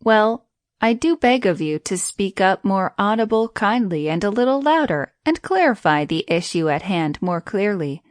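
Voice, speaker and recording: A woman's voice: medium pitch, lively intonation, moderate pace, dry recording, clean studio sound, close to an everyday voice. A woman voicing a sly male jackal who pretends to be confused and makes others repeat themselves. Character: sly young male jackal, feigning slowness.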